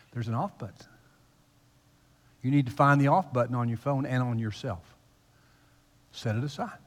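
In a church sanctuary, a male pastor with a mid-range voice delivers a conversational, teasing sermon, swinging from loud emphasis to hushed asides. The large hall adds a long reverb.

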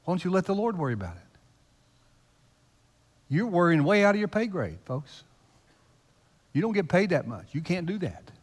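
A male pastor giving a conversational, teasing sermon in a church, his voice swinging between loud emphasis and hushed asides. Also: high-pitched, sing-song, moderate pace, pauses often. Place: church sanctuary. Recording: long reverb of a large hall.

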